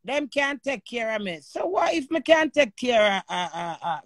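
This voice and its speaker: Jamaican lady going off on a livestream, lots of swearing, highish voice, dry sound. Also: expressive, a little slow, hardly any pauses, no echo. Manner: cursing, confrontational. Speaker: live streamer. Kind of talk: heated live-stream rant.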